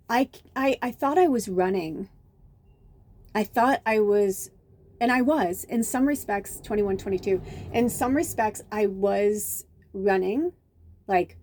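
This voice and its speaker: A woman's voice: medium pitch, dark tone, no echo. A middle-aged woman, a medium, telling chatty, rambling stories in a casual spiritual vlog, full of restarts and fillers. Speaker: medium and tarot reader.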